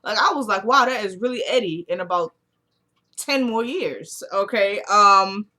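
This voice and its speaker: This is a woman speaking at an ordinary middle pitch, recapping a TV episode casually for her viewers. She tells it like gossip with friends, acting out the characters' lines and reacting bluntly as she goes. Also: a little slow. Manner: animated storyteller who acts out quoted lines; frank and exclamatory. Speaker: TV episode reviewer.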